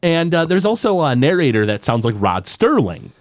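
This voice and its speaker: A man co-hosting a podcast, casually retelling a cartoon episode in a loose, animated way with lots of fillers. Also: a little high, dry recording, clean studio sound. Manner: animated, loose retelling with many fillers and quick put-on quotes. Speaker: podcast co-host.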